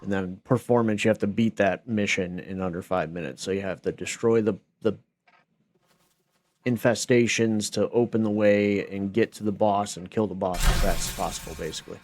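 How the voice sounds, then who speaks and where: A man's voice: fairly low pitch, steady tone, normal speed, darkish tone. A man giving casual, think-aloud commentary while streaming a creature game, reading menus and musing over his finds. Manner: thinks aloud, reads menus, trails off in asides.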